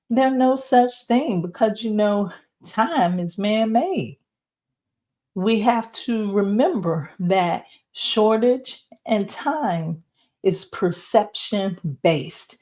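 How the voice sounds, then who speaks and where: A woman giving an oracle card and numerology reading, talking slowly and reflectively straight to the viewer. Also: fairly high pitch, expressive, dark tone. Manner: slow, reflective, speaks to viewer directly.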